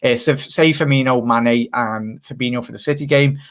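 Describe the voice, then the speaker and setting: A man hosts a relaxed live stream. He chats casually and reads fan comments aloud, laughing easily and calling viewers "mate". His voice sits at a middle pitch. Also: moderate pace. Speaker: channel host.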